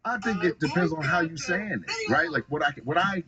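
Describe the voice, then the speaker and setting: A man's voice: fairly high pitch, a little fast, over a noisy crowd, low-quality recording. A young adult man from Tacoma, Washington, a stand-up comedian telling stories in a casual interview, acting out quotes. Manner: animated storytelling, acts out quotes.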